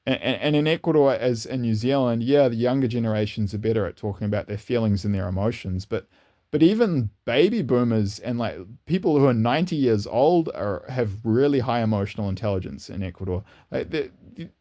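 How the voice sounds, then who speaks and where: A man's voice: lively intonation, a little fast, mellow. A man talking in a casual, unscripted monologue as a channel host, rambling earnestly with frequent restarts and repeated words. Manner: earnest, rising in pitch when enthused. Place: lives in New Zealand, indoors.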